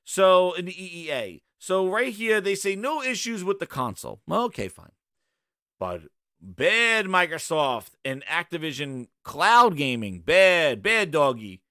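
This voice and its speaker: A man's voice: sits high, big pitch swings, measured pace, pushed and bright, dry recording, clean studio sound. A man hosting a gaming show, ranting with sarcasm and exasperation in casual commentary.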